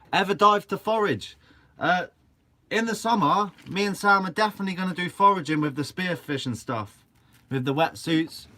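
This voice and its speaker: Fishing-channel host, young man from Guernsey, bubbly live-chat banter, slightly high voice. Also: measured pace, long pauses, pushed and bright. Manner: chatty and upbeat, swears casually. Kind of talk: casual live-stream chat. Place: shed.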